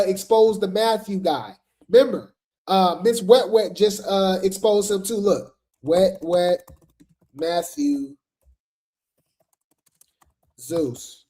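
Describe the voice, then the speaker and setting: Gossip host just chatting, slang everywhere, lots of "you know", middle pitch. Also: warm tone. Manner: slangy, chatty, full of fillers and asides. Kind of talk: casual gossip commentary.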